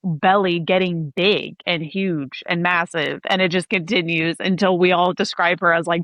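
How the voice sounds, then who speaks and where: A woman guest in a relaxed conversation, talking casually with many "like" and "you know" fillers. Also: fairly low pitch, moderate pace, dry recording, lo-fi sound.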